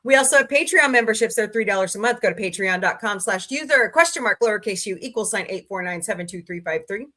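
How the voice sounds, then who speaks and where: A woman hosting a casual livestream, greeting viewers by name and listing her channels, tired and low on energy today. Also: expressive, fast talker, hardly any pauses, pushed and bright. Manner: chatty, greets viewers by name, rattles off lists. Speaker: livestream host.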